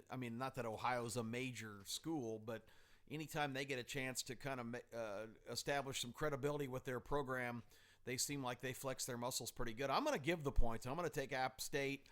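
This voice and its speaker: A man's voice: mid-range voice, moderate pace, fairly bright tone. A man hosting a casual sports podcast, upbeat and steering the talk.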